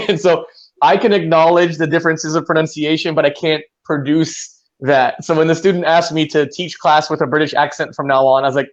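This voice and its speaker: A man with a Californian accent, an English teacher chatting in an interview and telling lively stories with playful asides. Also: fairly high pitch, fairly quick, highs cut off. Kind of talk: casual interview chat.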